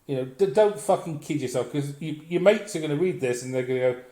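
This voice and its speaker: A man with a slightly high voice rants bluntly, full of swearing and sardonic asides. He sounds like he is talking in a bare, echoey room. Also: animated, fast, warm tone. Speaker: vlogger. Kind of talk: profane comic rant.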